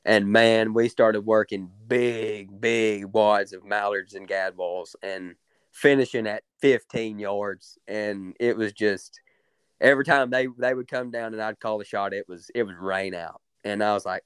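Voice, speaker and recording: A young man with a drawl tells his stories with excited energy, repeating himself and leaning on fillers. His voice sits low and comes across smooth and resonant. The sound is dry and close, with no room around it. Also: a little slow, no room sound. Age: young adult. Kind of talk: casual storytelling.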